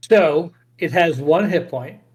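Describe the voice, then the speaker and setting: A man's voice: a little high, slow pace, darkish tone, breathy edge. A man running a tabletop game as game master, giving short rulings and counting out moves.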